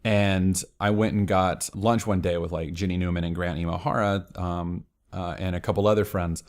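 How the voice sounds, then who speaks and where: A man being interviewed on a podcast, telling stories excitedly and saying "like" a lot. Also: sits low, normal speed. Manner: excitable storyteller, heavy use of "like". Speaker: podcast guest. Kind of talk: casual interview chat.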